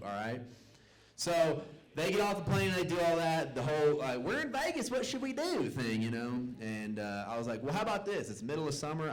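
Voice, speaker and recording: A man's voice: mid-range voice, rough recording. A young man doing a stand-up set in a comedy club, telling family stories and acting out his relatives' voices. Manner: Southern-tinged storytelling, acts out family members' voices. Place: comedy club stage with live audience.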